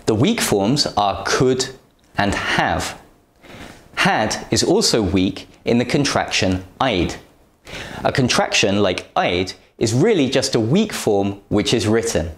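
A man narrating a scripted English pronunciation lesson, speaking carefully and deliberately with clear enunciation. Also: lowish voice, roomy sound.

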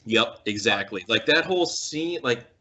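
A man co-hosting a podcast, chatting excitedly about a movie with lots of fillers and laughter. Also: medium pitch, moderate pace. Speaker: podcast co-host. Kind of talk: casual chat reviewing a movie. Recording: slightly dull lo-fi sound.

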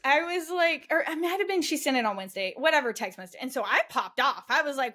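A young woman telling a story in casual chat, animated and swearing, her voice rising when she gets upset. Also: sits high, quick pace, few pauses. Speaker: guest.

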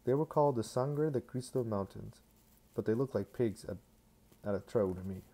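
A man's voice: medium pitch, moderate pace, warm tone. A man doing a casual fan reading of a novel, tossing in joking asides and restarting words. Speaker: fan reader.

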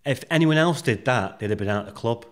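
A man's voice: medium pitch, expressive, quick pace. A man guest on a podcast, telling rambling anecdotes bluntly and swearing freely. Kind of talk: casual storytelling interview.

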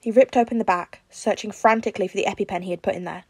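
A woman reads a fan fiction story aloud in an even, storytelling manner. Her voice sits at an ordinary middle pitch. The recording is close and dry, with no room sound. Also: quick pace, slightly rough, no echo. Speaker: podfic reader.

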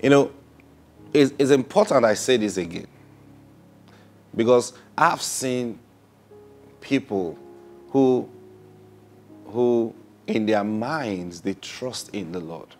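A man preaching a sermon, opening with prayer and acting out little dialogues, swinging from soft to loud. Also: medium pitch, lively intonation, slow, pauses often, soft background music.

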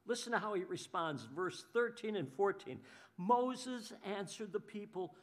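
A man preaching a sermon as pastor, animated, often voicing the people he talks about and repeating his words. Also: sits high, unhurried.

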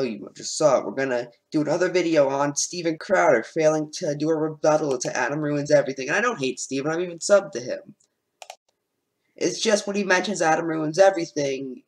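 A man giving casual, sarcastic commentary while reacting to video clips, with lots of filler words. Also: fairly high pitch.

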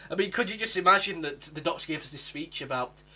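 A young man from England casually reviewing a TV episode, animated and acting out characters with sudden jumps in pitch. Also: fast talker. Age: young adult.

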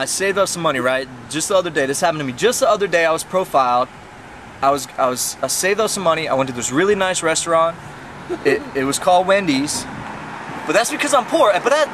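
A young man rambling through an improvised comedy sketch as a goofy salesman, recorded outdoors by a street. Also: background noise. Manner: rambling, goofy, high put-on voice early.

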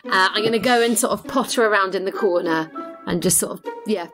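A woman's voice: medium pitch, brisk, music in the background. A woman, a player in a tabletop game, chatty and playful. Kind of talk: tabletop role-play chat.

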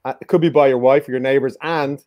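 A man's voice: mid-range voice, steady tone, fast talker, no room sound, highs cut off. Jokey male quiz host, dry sound. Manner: joking, teasing, playful banter. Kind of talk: casual quiz hosting over live stream.

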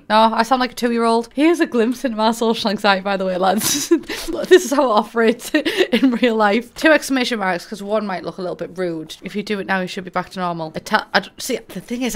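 A young woman with a Middlesbrough accent chatting casually and swearing as she plays a game, often giggling and mocking herself. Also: medium pitch. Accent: Middlesbrough English. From England. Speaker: gaming YouTuber. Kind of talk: casual gameplay commentary.

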